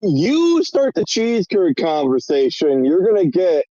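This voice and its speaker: A man's voice: high voice, very animated, a little slow, dark tone, highs cut off. A man from Wisconsin with a Wisconsin accent, calling in to a stream and defending his local way of speaking with swearing and laughter. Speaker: call-in guest. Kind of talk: casual chat.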